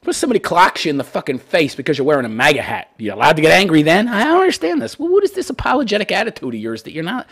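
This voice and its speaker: This call-in commentary show host talks very fast with hardly a pause, his fairly high, sing-song voice fairly bright in tone. Sarcastic and swearing, he rants about a listener's letter, repeating "wait, wait."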